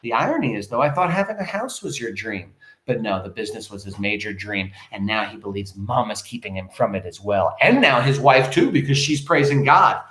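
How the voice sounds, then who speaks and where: A man's voice: on the low side, fairly quick. Male teacher, emphatic asides, reading a play aloud, roomy echoey sound. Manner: animated, emphatic asides to students.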